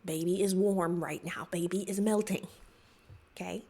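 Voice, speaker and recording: A woman's voice: lowish voice, steady tone, normal speed, mellow, breathy edge. A woman hosting a reaction video, talking back to the clip with exasperated, sarcastic commentary.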